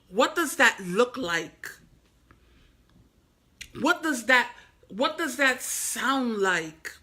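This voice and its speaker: High, bright-voiced woman preaching self-worth. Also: very animated, extremely slow, pauses often. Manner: emphatic, repetitive, preacher-like cadence; addresses the listener directly, coaxing. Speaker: motivational speaker and author. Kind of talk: inspirational faith talk.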